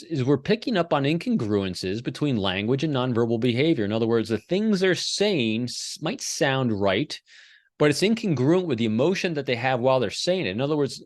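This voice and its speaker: A man's voice: medium pitch, no room sound, studio quality. A middle-aged man telling stories as a podcast guest from his home office, acting out quotes as he explains. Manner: animated storyteller, acts out quotes. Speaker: podcast guest, behavior expert. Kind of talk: conversational storytelling interview.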